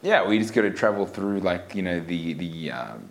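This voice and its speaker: A man's voice: low voice, animated, normal speed. A man co-hosting a casual podcast, musing aloud and making wry jokes. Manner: wry, musing, joking asides. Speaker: podcast co-host. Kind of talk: casual chat.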